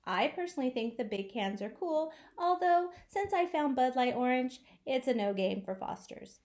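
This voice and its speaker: A woman's voice: high-pitched, animated, normal speed, darkish tone. A young woman from the United States hosting a travel vlog in playful, jokey scripted narration with theatrical asides. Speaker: vlog host.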